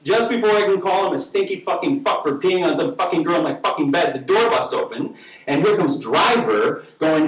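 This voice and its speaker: This man's fairly high, animated voice moves at a fairly quick clip as he performs a wry, profane comic story for a live crowd, giving each character a voice. The sound is echoey and faintly noisy, from a distant mic.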